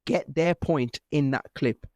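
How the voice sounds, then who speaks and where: Young male host, lively and loose, dry close sound. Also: fairly high pitch, unhurried, no room sound. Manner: animated, swearing, laughing storyteller. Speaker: podcast host. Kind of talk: casual podcast chat.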